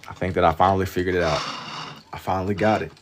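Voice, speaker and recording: Drawing on a livestream, this sleepy man chats in a low-pitched voice at a quick clip, his intonation staying fairly even. He drawls, wanders off topic, leans on slang, and says the same things again, with background noise behind him.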